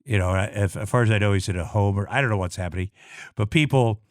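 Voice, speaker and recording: A middle-aged man from Iowa, USA, tells a personal story as a guest in casual talk, blunt and swearing often, halting with many restarts and repeated words. His voice is fairly low. The recording is dry and studio quality.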